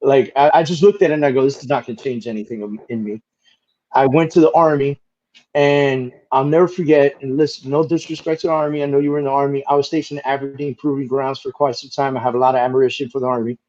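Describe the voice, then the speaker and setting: A man of medium pitch tells stories in a relaxed, lively interview style. He swears casually and leans on "like" as a filler. The audio is a bit dull and lo-fi. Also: quick pace. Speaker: interview guest.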